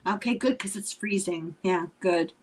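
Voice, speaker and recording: A woman's voice: fairly low pitch, normal speed, darkish tone, breathy edge, rough recording. An older woman with an Irish accent, a guest in a casual video call chat, wry and self-deprecating.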